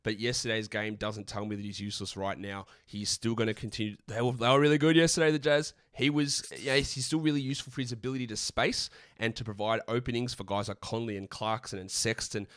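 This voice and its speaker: An Australian man co-hosting a live stream, answering viewer questions in a blunt, opinionated, rapid-fire way. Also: lowish voice, steady tone, fairly bright tone, no room sound, studio quality. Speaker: podcast co-host.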